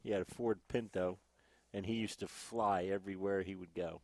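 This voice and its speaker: Man, very deep voice, relaxed rambling story, casual chat, gym. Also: normal speed, slight background noise. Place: MMA gym cage.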